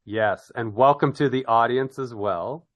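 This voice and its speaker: An American man hosting a podcast interview, talking in a relaxed, rambling way with many fillers. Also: medium pitch, measured pace, no room sound. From United States. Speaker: podcast host.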